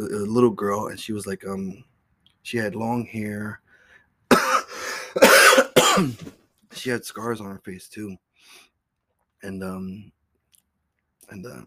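A man's voice: on the low side, bright, forceful tone, no room sound. A man hosting his own podcast, telling a story in a rambling, profane, casual way. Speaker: podcast host.

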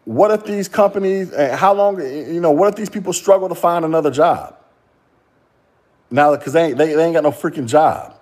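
A man's voice: on the high side, normal speed, a little mellow. Mocking man ranting on a podcast. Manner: mocking, laughing, profane, rhetorical questions. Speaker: podcast host. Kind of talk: solo podcast rant.

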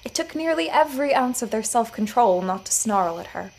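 A woman narrating her own scripted audio fiction story in a measured storytelling manner. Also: fairly high pitch, lively intonation, vocal fry, darkish tone, rough recording. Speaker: writer and narrator.

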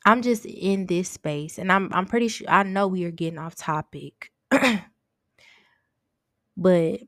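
Low-voiced woman, earnest and confessional. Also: a little slow, fairly bright tone, dry recording, studio quality. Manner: earnest, confessional, repeats words. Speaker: podcast host. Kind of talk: casual faith podcast talk.

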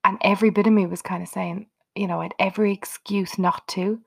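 Chatty woman podcaster with a gravelly voice. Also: mid-range voice, steady tone, fairly quick. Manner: earnest, chatty, addresses listeners directly. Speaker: podcast host. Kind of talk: unscripted motivational podcast talk.

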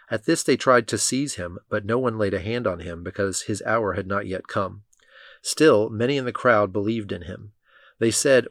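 Low-voiced man reading scripture. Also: no room sound, clean studio sound. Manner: steady, measured reading. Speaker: scripture reader. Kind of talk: Bible reading aloud.

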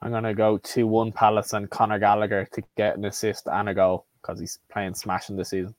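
A man's voice: fairly low pitch, level tone, a little fast, dry recording. A man co-hosting a casual football podcast, easygoing and upbeat as he makes his score predictions. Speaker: podcast co-host.

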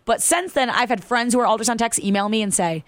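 A woman's voice: a little high, quick pace, no room sound. A woman casually telling a personal story, acting out the voices of the people in it. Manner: animated, acts out quoted voices.

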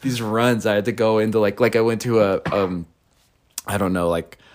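A man's voice: on the low side, steady tone, moderate pace. A young man co-hosting a podcast, telling a story in a casual, laid-back way and laughing often. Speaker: podcast co-host.

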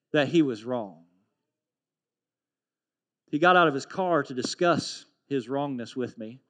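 A pastor preaches a sermon in a slightly high voice, telling a story with animated, earnest delivery. He builds to a call for renewal.

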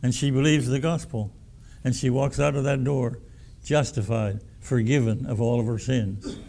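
A man preaching with a gravelly, fry-laden voice at an ordinary pitch. He talks in a homespun, emphatic way and doubles back on his words as he builds his points. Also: steady tone, moderate pace, warm tone. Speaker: pastor. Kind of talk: sermon.

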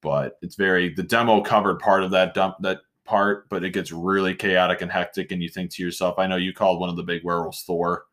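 Man, very deep voice, casual co-host chat, rambling, animated, self-interrupting. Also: fairly quick, few pauses. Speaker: podcast co-host.

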